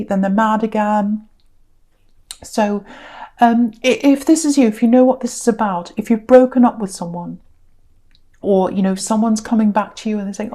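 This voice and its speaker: A woman giving a casual spoken tarot reading, chatty and rambling with many ums and restarts, offering gentle reassuring advice. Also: medium pitch, moderate pace. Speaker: tarot reader.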